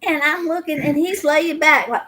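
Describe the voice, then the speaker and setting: A middle-aged woman with a drawl hosts a relaxed live chat. Her voice sits a little high, and she tells stories with animation, jumping into the voices of the people in them. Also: normal speed, a little hiss or hum. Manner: animated storyteller who acts out voices. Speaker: host. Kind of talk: casual live-stream storytelling.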